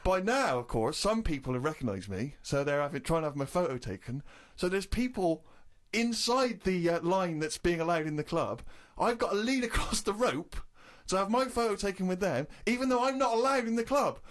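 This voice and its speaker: An English man in his thirties on a casual comedy podcast, telling an indignant anecdote with animated storytelling. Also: high-pitched, brisk, few pauses. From England.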